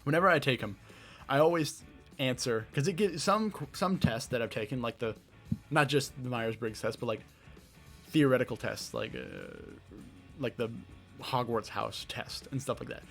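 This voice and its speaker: A young man with a light Southern American accent, answering rapid-fire questions on his own podcast, rambling and laughing at himself. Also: medium pitch, lively intonation, creaky, a bit bright, soft background music. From Southeastern United States. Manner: rambling, self-deprecating, laughs often. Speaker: podcast host. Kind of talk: casual Q&A monologue. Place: his bedroom.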